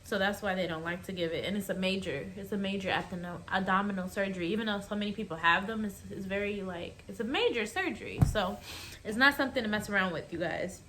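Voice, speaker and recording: A woman's voice: medium pitch, fast, fairly bright tone. A young woman with a mid-range voice tells a personal story in a casual vlog. She talks chattily and with feeling, often speaking straight to her viewers. Faint background noise sits under the recording. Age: young adult. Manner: chatty, emotional, addresses viewers directly. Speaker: vlogger.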